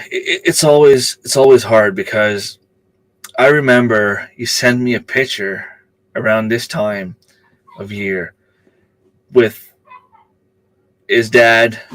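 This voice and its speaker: On this casual livestream, the male host's voice sits on the low side with a fairly bright tone and no audible room sound. Full of ums and uhs, he rambles and responds to chat comments from viewers.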